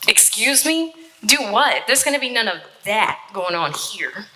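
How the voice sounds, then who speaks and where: A woman's voice: mid-range voice, big pitch swings, measured pace, bright, forceful tone, a little hiss or hum, rough recording. A woman speaking in a sassy, incredulous, playful way in a comedic stage skit.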